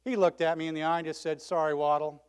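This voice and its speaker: A man giving a keynote speech, telling a story dramatically and acting out the voices and shouted cheers. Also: on the high side, flat delivery, fast, smooth. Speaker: keynote speaker. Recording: long hall reverb.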